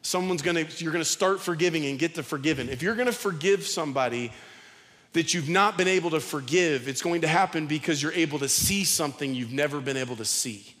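Higher-voiced preacher in an echoing hall. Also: male voice, fairly quick, fairly bright tone. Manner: conversational preaching, repeats words, acts out quotes. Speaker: pastor. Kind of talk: sermon. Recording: long hall reverb.

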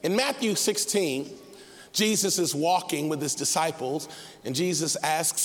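A man preaching a sermon in an animated way, acting out the people in his story and sometimes half-singing his phrases. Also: fairly high pitch, normal speed. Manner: animated, acts out characters, sings phrases. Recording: long hall reverb.

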